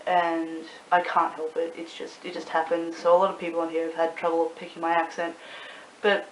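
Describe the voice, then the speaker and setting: A young woman with an Australian accent, rambling casually to camera in a vlog, swearing freely and filling pauses with ums and likes. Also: on the low side, level tone. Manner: chatty, swears freely, rambling with many fillers. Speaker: YouTuber and club promoter. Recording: echoey room with faint hiss.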